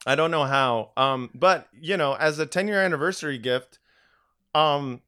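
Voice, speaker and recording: Male podcast co-host, tired and rambling, smooth clear voice, lots of ums. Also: fairly high pitch, moderate pace, pushed and bright. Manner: rambling, hesitant, lots of fillers. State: tired, with allergies. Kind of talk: casual podcast chat.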